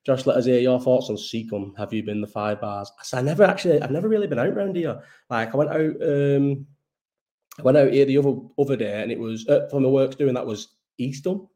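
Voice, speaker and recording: A man's voice: mid-range voice, brisk, dark tone. A young man, hosting a casual live-stream chat, who swears often and loses his thread as he rambles. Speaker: host of a live-chat show.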